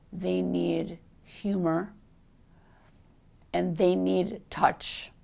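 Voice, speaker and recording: A woman's voice: mid-range voice, gravelly, husky. A middle-aged woman, an author, talking in a reflective, conversational way with lots of "you know" and "like". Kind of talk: reflective interview talk.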